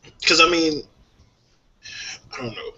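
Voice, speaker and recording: Opinionated man with a bright voice. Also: on the high side, a little slow. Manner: opinionated, animated, laughs often. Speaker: podcast co-host. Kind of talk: casual music talk. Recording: dull lo-fi sound.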